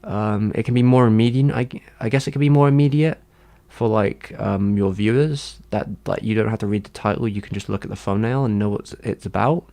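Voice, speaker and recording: A man's voice: fairly low pitch, a little fast, few pauses, mellow. A man chatting casually on a livestream, answering his chat in a rambling, hesitant way with many fillers and restarts.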